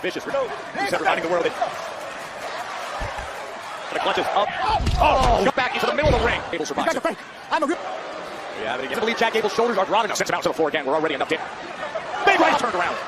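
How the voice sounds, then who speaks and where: Excitable male wrestling commentator over a roaring crowd. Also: sits high, fast, pauses often, very noisy. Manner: bursts into shouts at big moves. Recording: broadcast mix with loud crowd and music.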